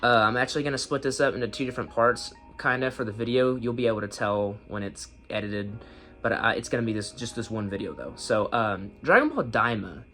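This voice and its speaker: Guy reviewing an anime, chatty and rambling, slangy, bursts of high laughter, mid pitch, faint music behind. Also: lively intonation, fairly quick, sharp tone. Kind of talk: casual video review.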